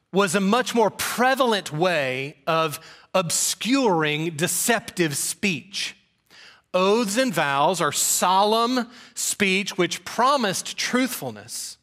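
A middle-aged man from preaches in a bright, forward voice pitched a little high. He tells folksy, self-deprecating stories from his own life. The delivery stays relaxed and conversational. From rural Georgia, US. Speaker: pastor. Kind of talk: sermon with personal stories.

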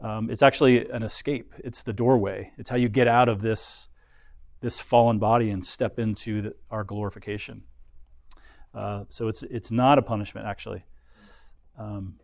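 A man's voice: mid-range voice, moderate pace, vocal fry, a little mellow, dry recording. Man teaching a Bible lesson, dry sound. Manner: explanatory, frequent restarts and fillers.

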